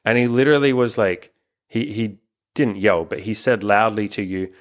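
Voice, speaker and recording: This relationship coach and channel host, a young man, keeps a steady tone at normal speed in a lowish voice. Hosting a laid-back chat as a couple, he rambles, speaks bluntly, and swears a lot.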